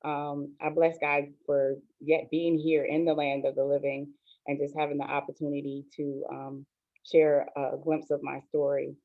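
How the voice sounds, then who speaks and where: A woman in her forties, a pastor, telling her own story in a soft, hesitant, earnest way, with many pauses and ums. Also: sits low, level tone. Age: 40s. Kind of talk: personal testimony on an online show. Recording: tinny phone-like line, dry.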